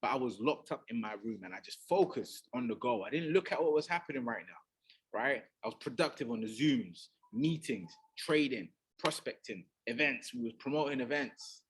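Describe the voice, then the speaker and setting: A man's voice: mid-range voice, expressive, normal speed, husky. A man giving an emphatic motivational talk as a business mentor, often checking in with "right?". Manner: emphatic, keeps adding "right?".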